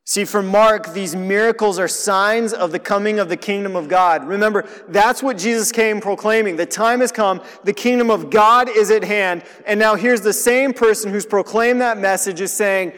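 Higher-voiced man preaching in a hall. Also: moderate pace, hardly any pauses, smooth. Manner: conversational, swings between hushed and emphatic. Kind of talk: sermon.

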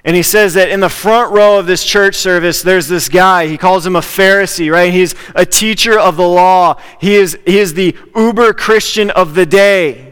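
A male pastor with a high, smooth, resonant voice delivers a conversational sermon, driving points home by repeating key phrases. His voice rings out with a long reverb, as in a large hall. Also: moderate pace, few pauses, fairly bright tone.

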